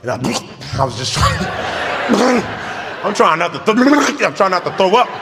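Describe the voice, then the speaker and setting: Animated man telling a stand-up story. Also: high voice, takes it slowly. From United States. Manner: animated, laughing at his own story, loud acted-out outbursts. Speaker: stand-up comedian. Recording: live venue with long reverb and faint noise.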